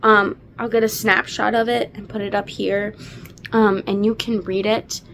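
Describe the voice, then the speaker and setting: Slow-talking young woman gushing over a book. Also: mid-range voice, flat delivery, gravelly, fairly bright tone, a little hiss or hum. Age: 20s. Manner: gushing and emotional, many fillers. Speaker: book reviewer. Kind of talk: casual book recap.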